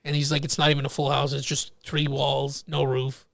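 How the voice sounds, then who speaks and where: A young man hosting a casual podcast, telling lively stories and acting out the people in them. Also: medium pitch, fairly quick, vocal fry, no room sound. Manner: animated storyteller acting out quoted people. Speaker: podcast host.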